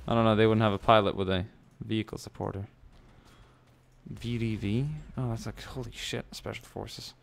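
A man giving casual commentary over a war video game, excitable and swearing often, bursting into loud yelps. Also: fairly low pitch, a little fast, vocal fry. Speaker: gameplay commentator.

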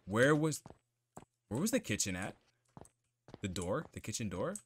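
A man narrating his own horror-game run, with a voice that leaps up and down in pitch. He swears freely and mutters to himself between moves, with faint noise underneath. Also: very animated, measured pace. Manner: profane, jumpy self-talk while playing. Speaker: gamer playing a horror game. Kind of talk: let's play commentary.

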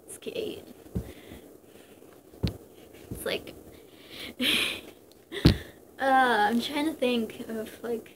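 Young woman reading a story out loud, giggly, rambly, high voice. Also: steady tone, drawn-out words, pauses often, noisy background. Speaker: channel host reading fan fiction.

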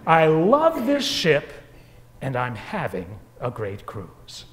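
A woman's voice: rumbling low, huge pitch swings, slow pace, exaggerated voice. A man doing a gushing lady cruise passenger. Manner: gushing, sing-song diary reading. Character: gushing female cruise passenger writing her diary.

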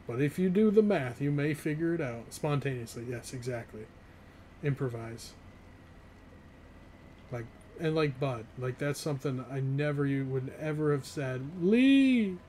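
A man's voice: medium pitch, normal speed, darkish tone, slight background noise. A young man in his twenties, from the northeastern US, chatting casually and rambling with chat while streaming a game, often laughing.

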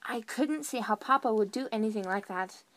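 A woman's voice: fairly high pitch, moderate pace, no echo, lightly acted. A woman voicing an anxious, earnest young male unicorn colt in a fan audio drama. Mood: bewildered.

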